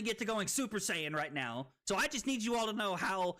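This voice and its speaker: A tipsy man streaming a card game, swearing, laughing and breaking into loud excited outbursts. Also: high-pitched, fairly quick. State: tipsy from drinking. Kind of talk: casual livestream commentary.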